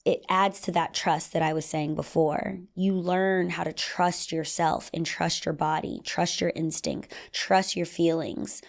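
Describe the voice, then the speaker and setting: A young adult woman hosting a solo podcast in casual, animated talk, acting out little scenes in playful voices. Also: on the low side, unhurried, gravelly, few pauses. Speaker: podcast host.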